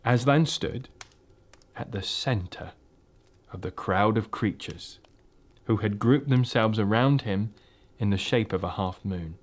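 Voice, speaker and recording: A man's voice: lowish voice, slow, long pauses. Man reading a storybook aloud. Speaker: reader.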